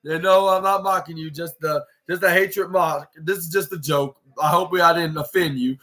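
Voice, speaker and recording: A man with a fairly high-pitched voice recaps a wrestling show on his podcast. He talks in an excitable, rambling way and keeps restarting his sentences as he goes. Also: moderate pace. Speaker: podcast host.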